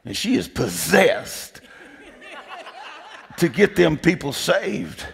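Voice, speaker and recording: A man's gravelly voice with a breathy edge, on the high side and expressive, carries slowly through a church sanctuary with long hall reverb. Folksy and emphatic, he tells stories in his sermon and keeps asking the congregation "did you hear me."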